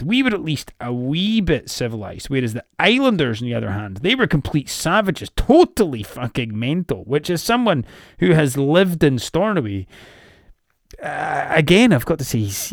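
A man's voice: fairly high pitch, very animated, normal speed, no echo, studio quality. A Scottish man narrating history sardonically, full of sweary, sarcastic asides. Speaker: comedic history presenter.

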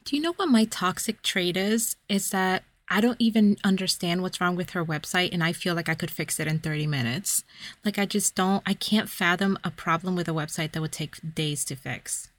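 A woman's voice: lowish voice, normal speed, a bit bright, dry recording. A woman co-hosting a podcast, chatting casually about a book, swearing and acting out quotes. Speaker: podcast co-host.

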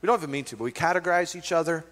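Middle-aged man, pastor, casual storytelling sermon, higher-pitched voice, church hall reverb. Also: rapid-fire. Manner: conversational, animated storytelling with asides.

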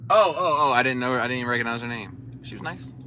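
A man's voice: mid-range voice, lively intonation, rapid-fire, sharp tone, slight background noise. A man talking casually in a car, rambling and swearing, with a self-deprecating edge. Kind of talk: casual chat.

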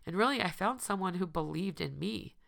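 A woman with a low, heavily gravelly voice, hoarse and tearful. She speaks earnestly to her listeners as a podcast host and recovery coach, repeating phrases over and over for emphasis. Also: expressive, fairly quick, fairly bright tone. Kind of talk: heartfelt personal address to listeners.

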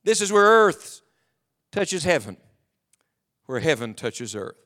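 A man pastor preaching a sermon to his church, swinging from loud exhortation to a hushed near-whisper. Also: on the high side, very animated, slow. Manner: preaching with sweeping swings in volume, dropping to near hush. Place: church sanctuary.

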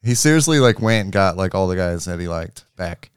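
A man's voice: sits low, animated, fairly quick, clean tone, no room sound. A man co-hosting a casual basketball podcast, loose and joking, with easy swearing. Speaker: podcast co-host.

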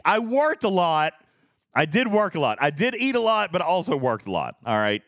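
A man's voice: a little high, sing-song, a little fast, a bit bright, no room sound, studio quality. A man hosting a casual live stream, rambling, laughing often and reading chat messages aloud. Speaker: streamer host.

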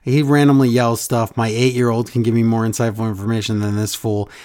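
A man's voice: medium pitch, level tone, a little fast, darkish tone. A man hosting a casual podcast, chatting animatedly and reading listener emails aloud with jokes. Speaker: podcast host. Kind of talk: casual wrestling podcast chat.

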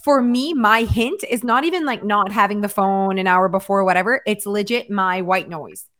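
A woman hosting a casual chat about weight loss and sleep, talking fast with lots of "like". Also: medium pitch, fairly bright tone. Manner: chatty, lots of filler "like". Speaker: host.

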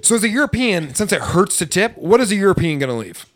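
A man's voice: high voice, big pitch swings, quick pace, no room sound, studio quality. A man who hosts a podcast and works as a server, chatting casually in a blunt, profane, ranting way. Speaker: podcast host and restaurant server. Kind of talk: casual chat.

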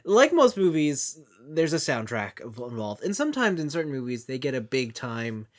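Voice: mid-range voice, very animated, normal speed. A podcast co-host from Canada chatting casually about games and pop culture, laughing often. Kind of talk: casual chat.

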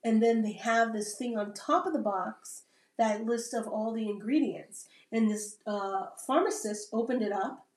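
In a casual, rambling podcast conversation, a woman who served in the Navy talks unhurriedly in a fairly high voice, often checking in with "right?" The sound is roomy, picked up by a distant mic.

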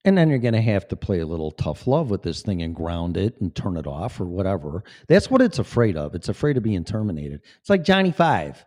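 Man in his fifties, mellow voice, swings up and down a lot, swears freely, rambling vlog monologue. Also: sits low, wildly swooping pitch, a little fast, hardly any pauses. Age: 50s. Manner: profane, emphatic, digressive. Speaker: vlogger.

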